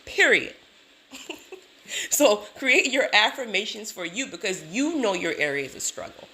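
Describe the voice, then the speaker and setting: Woman, sassy motivational vlogger, bright and lively delivery. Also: medium pitch, a little slow. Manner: sassy, emphatic, repeats catchphrases; laughs often, animated storytelling. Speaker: self-help vlogger. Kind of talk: motivational talk to camera.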